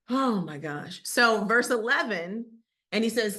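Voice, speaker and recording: A woman teaching scripture in a casual, lively way, acting out quoted voices and laughing often. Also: a little high, unhurried. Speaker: Bible teacher.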